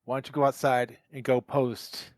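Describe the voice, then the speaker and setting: A man's voice: medium pitch, level tone, moderate pace, darkish tone, dry recording. A man playing in a tabletop game, speaking in an urgent, insistent way. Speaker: player. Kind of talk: casual tabletop role-play.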